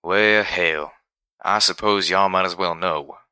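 A man voicing a young male pegasus pony who talks in a folksy, drawn-out country way in a storybook reading. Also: low voice, fairly even intonation, bright, forceful tone, clear, resonant tone, no echo, heavily acted.

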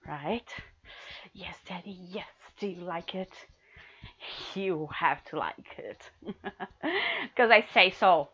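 A woman performing an adult audio role-play in a teasing, commanding manner, swinging between hushed murmurs and loud outbursts. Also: low-pitched, creaky, breathy edge, highs cut off.

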